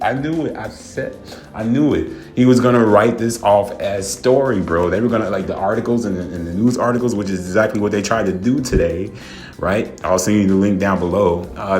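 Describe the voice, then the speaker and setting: A man's voice: on the low side, a little mellow. A man giving casual, profane ranting commentary, laughing often and peppering his talk with "man", "bro" and "y'all". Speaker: wrestling commentary vlogger. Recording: echoey room, faint music.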